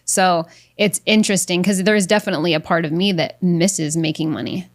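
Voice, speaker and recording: A woman hosting her own podcast in candid conversation, chatty and quick to laugh, with casual swearing. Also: on the low side, fairly even intonation. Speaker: podcast host. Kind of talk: candid unscripted podcast talk.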